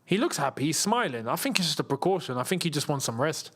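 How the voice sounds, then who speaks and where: A man's voice: on the high side, big pitch swings, quick pace, a bit bright. A young man hosting a live football watchalong, chatting casually, laughing often and reading viewer comments aloud.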